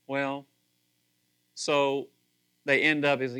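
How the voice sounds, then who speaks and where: A middle-aged man preaching a sermon, animated, acting out voices and questioning his listeners. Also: fairly high pitch, moderate pace, pauses often. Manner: animated, acts out voices, asks audience questions. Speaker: pastor.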